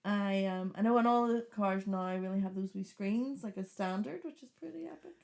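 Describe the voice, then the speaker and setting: A woman, co-hosting a casual podcast and telling stories in an animated way. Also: medium pitch, moderate pace, creaky. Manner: animated storyteller, acts out voices, laughs often. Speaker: podcast co-host. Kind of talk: casual chat.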